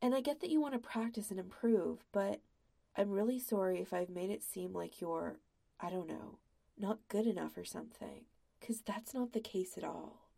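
A woman voicing a gentle young man who reassures his bandmate, soft-spoken and low, in a read-aloud story. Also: normal speed, gravelly. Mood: tender.

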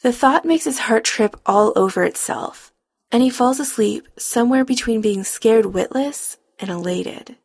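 A woman narrating a romance story in a calm, even storytelling manner. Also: on the high side, a little slow, slightly rough, dry recording, studio quality. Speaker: audiobook narrator.

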